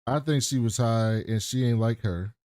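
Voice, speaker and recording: A podcast co-host retells scenes in casual conversation, swearing freely and acting out the quotes. His voice is medium-pitched, dark in tone and moderately paced, with studio quality and no room sound.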